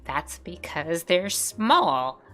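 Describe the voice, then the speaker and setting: A woman's voice: fairly low pitch, expressive, very slow, heavily acted. A woman voicing a small, fussy creature that guards its shells, speaking in dramatic, defensive outbursts while reading a game's lines. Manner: dramatic, defensive, bursts of loud alarm.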